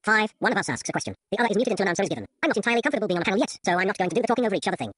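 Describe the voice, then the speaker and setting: A woman reading out a numbered list in a flat, rapid recitation. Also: mid-range voice, breathy edge.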